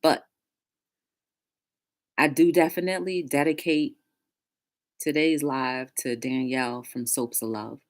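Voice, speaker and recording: A woman's voice: deep voice, fairly even intonation, measured pace, long pauses. Chatty woman hosting a livestream. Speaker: livestream talk show host. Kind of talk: casual livestream chat.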